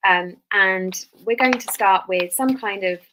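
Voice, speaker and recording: A woman's voice: mid-range voice, measured pace, background noise. Female music session leader, easygoing webinar delivery, frequent fillers. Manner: relaxed, many ums. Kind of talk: webinar teaching.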